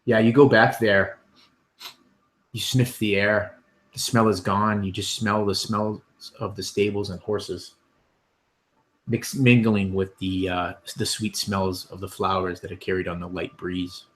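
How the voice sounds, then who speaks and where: A man's voice: lowish voice, level tone, measured pace, a bit bright. A man narrating scenes as game master of a tabletop game, with many ums and restarts.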